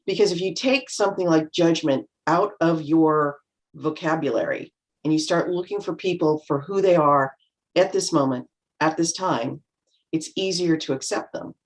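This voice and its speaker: A middle-aged woman on a video call, chatting reflectively as a panel guest and acting out remarks in lively voices. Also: deep voice, moderate pace. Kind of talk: casual chat.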